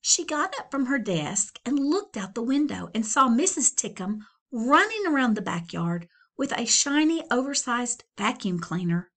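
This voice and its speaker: A woman's voice: fairly high pitch, sing-song, normal speed, fairly bright tone. A middle-aged woman, a school librarian, reading a children's novel aloud with chatty asides to young listeners.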